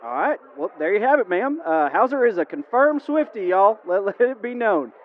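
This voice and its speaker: A man's voice: high-pitched, sing-song, moderate pace. A man hosting a comedic live Q&A, folksy and drawling as he wrangles the crowd. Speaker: emcee host. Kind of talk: comedic live-show emcee. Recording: lo-fi phone-like audio with faint hiss.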